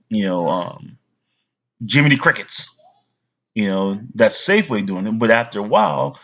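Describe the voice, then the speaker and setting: A man's voice: on the low side, a bit bright, muffled recording. A man in his forties giving blunt fatherly advice to his young sons in a rambling, casual way, full of fillers. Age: 40s. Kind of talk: casual to-camera talk.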